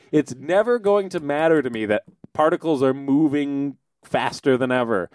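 A male podcast co-host in full rant, swearing freely and dropping into mocking voices. His pitch swings widely as he talks. The sound is dry and close. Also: sing-song, normal speed, darkish tone, no echo. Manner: ranting, profane, mocking voices. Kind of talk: casual comedic podcast chat.

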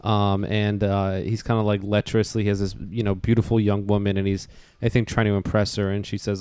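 A man's voice: fairly low pitch, level tone, fairly quick, few pauses, a little mellow, clean tone, dry recording, studio quality. A man co-hosting a casual podcast, recapping a film in a rambling way. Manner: rambling, many fillers. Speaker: podcast co-host.

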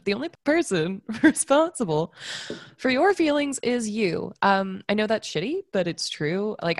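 A woman's voice: medium pitch, dry recording, clean studio sound. A woman co-hosting a podcast in casual chat, hungover, talking loosely and laughing often. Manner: chatty, laughs often, self-deprecating. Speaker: podcast co-host.

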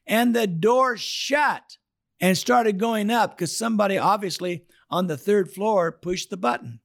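A man telling his testimony on a podcast, swinging from hushed prayer to loud, dramatic outbursts. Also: high voice. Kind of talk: storytelling testimony.

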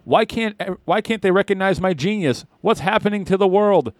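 Brief: man reading a story, doing a whiny, higher-pitched, self-pitying haunt owner, dry close sound. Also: expressive, moderate pace, dry recording. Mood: ranting. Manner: ranting, complaining.

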